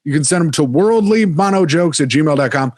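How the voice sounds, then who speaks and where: A man's voice: on the high side, animated. A man co-hosting a comedy podcast, chatting casually, laughing often and stumbling through read-out jokes. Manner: joking, laughs often, reads jokes haltingly. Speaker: podcast co-host.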